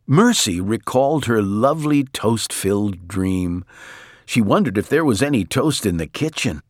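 Slow, expressive male storyteller. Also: lowish voice, dry recording, studio quality. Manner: slow, expressive read-aloud. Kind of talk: children's story reading.

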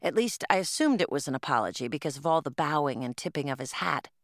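A woman's voice: low voice, lively intonation, fast, dry recording, clean studio sound. A woman narrating an audiobook in first person, telling a plain story in the voice of a twelve-year-old girl.

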